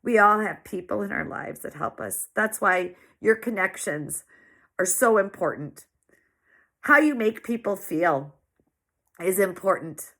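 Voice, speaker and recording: A woman in her forties shares her story in an earnest, heartfelt monologue. She sounds teary-eyed and sniffly, leaning on repeated phrases for emphasis. Her voice sits at an ordinary middle pitch. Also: lively intonation, measured pace, pushed and bright. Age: 40s. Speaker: small business owner sharing her story.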